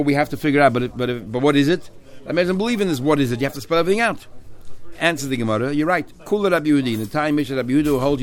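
A middle-aged man leads a Talmud class at a brisk clip, talking quickly and working through the text with animated rhetorical questions. His voice sits at an ordinary middle pitch, and he slips Hebrew and Aramaic terms into his explanations. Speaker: Talmud teacher.

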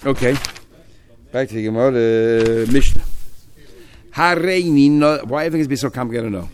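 A man's voice: mid-range voice, fairly even intonation, fast, a little mellow. A man teaching a text study class, explaining step by step and acting out the speakers he quotes.

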